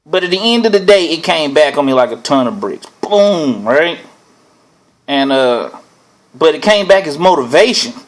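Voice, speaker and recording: A man hosting his own show, telling a personal story in a casual, animated way, often chuckling and asking "right?". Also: fairly high pitch, normal speed. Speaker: host.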